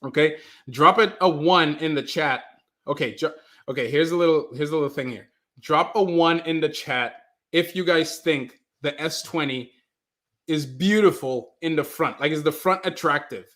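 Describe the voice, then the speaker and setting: A man's voice: a little high, moderate pace. A man hosting a casual livestream, talking loosely, repeating himself and reading out viewer comments. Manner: animated, repeats himself, reads chat aloud. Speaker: livestream host.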